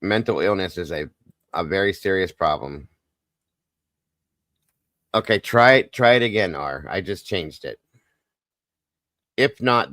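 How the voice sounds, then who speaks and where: A man hosting a live stream, talking softly and consolingly to viewers in the chat. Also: sits low, no echo, studio quality. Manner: soft, consoling, emotional. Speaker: livestream host.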